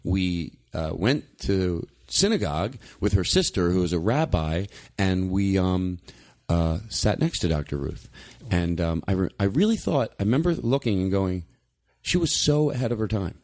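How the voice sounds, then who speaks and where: A man hosting a podcast, telling stories in a rambling, animated way with many restarts. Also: low voice, moderate pace. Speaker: podcast host. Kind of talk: casual storytelling chat.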